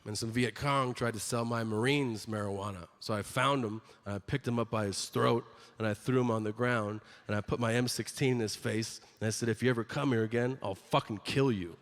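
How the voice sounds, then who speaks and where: A man acting out his gruff, stern, middle-aged veteran father, who talks in a blunt, matter-of-fact way. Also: medium pitch, steady tone, fairly quick, hardly any pauses, pitched below the performer's own voice, lightly acted.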